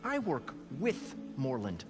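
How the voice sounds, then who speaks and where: Grumpy money guy in a game, slow and swingy, loud music behind. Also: mid-range voice, wildly swooping pitch. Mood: sardonic. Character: grumbling money-minded business partner, grown man.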